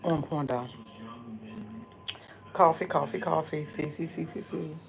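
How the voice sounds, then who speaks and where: A woman's voice: low-pitched, a little slow, vocal fry, faint music behind. Chatty woman hosting a casual live stream. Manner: chatty, greets viewers by name and reads comments aloud; rambling storytelling with many restarts.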